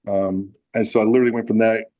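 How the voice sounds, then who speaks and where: A man's voice: fairly low pitch, little pitch movement, fast talker, mellow, dull audio. A man being interviewed about his music, telling a long, rambling anecdote with many restarts. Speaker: musician guest. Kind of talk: casual interview storytelling.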